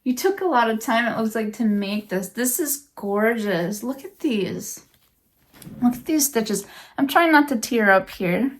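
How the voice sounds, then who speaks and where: A woman crochet vlogger talks slowly to her camera, her voice sitting a little high. She gushes with emotion, repeating her thanks and praise over and over in a soft, casual way. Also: animated. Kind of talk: unboxing vlog, casual chat to camera.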